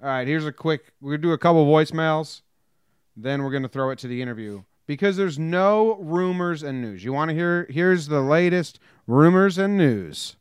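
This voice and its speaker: A man co-hosts a podcast in loose, casual chat, tossing in quick asides. His voice is smooth and clear, recorded close and dry. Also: fairly high pitch, dry recording. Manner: chatty, quick asides and laughs. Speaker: podcast co-host.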